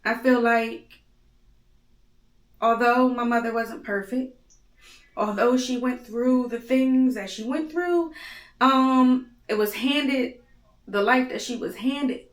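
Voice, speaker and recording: A woman's voice: a little high, takes it slowly, long pauses. Tearful, blunt woman in an echoey room. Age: 30s. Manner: raw, blunt, profane. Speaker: host. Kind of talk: candid emotional monologue. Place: home.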